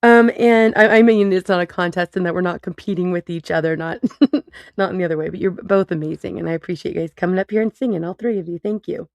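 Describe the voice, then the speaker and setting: A woman's voice: on the low side, quick pace, creaky, no room sound. A woman hosting a casual livestream, chatty and encouraging, laughing often as she talks. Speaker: host.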